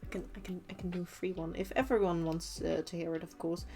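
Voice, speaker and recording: A woman's voice: lowish voice, steady tone, quick pace, dark tone, faint music behind. A young woman streaming while she crafts, chatting casually, giggling often and hesitating with many restarts.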